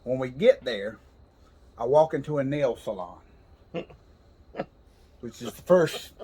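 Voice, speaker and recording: A man's voice: mid-range voice, expressive, slow, mellow, breathy edge. A man casually telling a funny story on a podcast, laughing as he goes. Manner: laid-back drawl, laughs while telling. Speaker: podcast co-host. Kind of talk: casual storytelling over whiskey.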